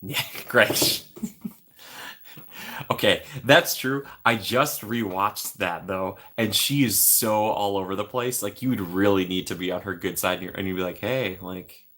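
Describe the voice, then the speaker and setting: Man, very low voice, casual livestream chat, rambling, laughs a lot, at home. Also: measured pace, bright, forceful tone. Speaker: streamer chatting with viewers.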